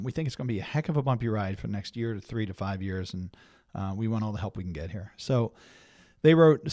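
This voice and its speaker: A man hosting a financial planning webinar, reading market news aloud and explaining it in a halting way with many fillers and restarts. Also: medium pitch, a little mellow, no room sound, clean studio sound.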